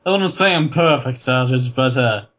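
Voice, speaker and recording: A man's voice: mid-range voice, normal speed, fairly bright tone. A young man co-hosting a casual podcast, laid-back, with dry short replies. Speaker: podcast co-host. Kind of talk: casual banter. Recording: dull lo-fi home mic.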